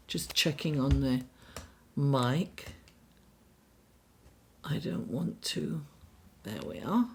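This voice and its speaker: Slow, raspy woman reading tarot. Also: rumbling low, expressive, very noisy. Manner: unhurried, reflective, many fillers and restarts. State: raspy voice, under the weather. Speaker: astrologer and tarot reader. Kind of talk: weekly horoscope and tarot reading.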